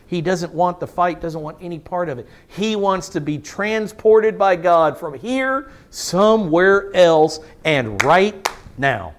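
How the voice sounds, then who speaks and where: A man pastor preaching a sermon, emphatic, repeating words for stress and asking the congregation questions. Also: high-pitched.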